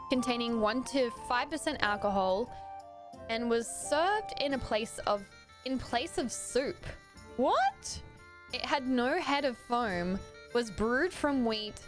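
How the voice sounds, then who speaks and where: Aussie woman chatting over a game, slow easygoing talk, music playing. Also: medium pitch. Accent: Australian. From Australia. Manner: chatty, giggly, slips into silly voices. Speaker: streamer. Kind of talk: casual gameplay commentary.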